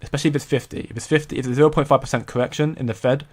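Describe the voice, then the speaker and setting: A man's voice: medium pitch, steady tone, rapid-fire, a little mellow. A young man hosting a casual crypto commentary stream, rambling with many stumbles and repeated words while reading viewer comments. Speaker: crypto channel host.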